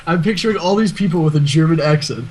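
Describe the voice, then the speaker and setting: A man's voice: a little high, lively intonation, fast, a crowd in the background, low-quality recording. A young man co-hosting a podcast in casual chat, giggly and rambling with lots of restarts. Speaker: podcast co-host.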